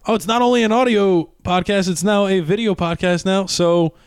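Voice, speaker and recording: A young man hosting a podcast, telling a story in a casual, animated way with lots of swearing and laughter. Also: sits high, normal speed, clear, resonant tone, no echo. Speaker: podcast host.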